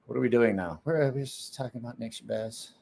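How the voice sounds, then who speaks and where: Brief: man, mid-pitch, loose rambling livestream host, drops the odd swear word. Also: brisk, creaky, a little mellow. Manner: rambling, self-interrupting, swears casually. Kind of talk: casual livestream chat.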